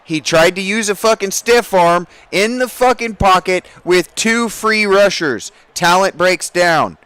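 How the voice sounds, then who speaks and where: Profane, excitable man ranting over gameplay. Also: unhurried, clean tone, dry recording. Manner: swings from muttering low to loud outbursts. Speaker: gaming streamer. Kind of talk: casual gameplay commentary.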